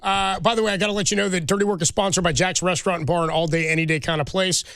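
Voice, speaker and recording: Radio sports guy, quick and raspy-gravelly, kinda high, super dry studio. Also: dry recording. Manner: animated storyteller, lots of restarts. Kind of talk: casual sports talk.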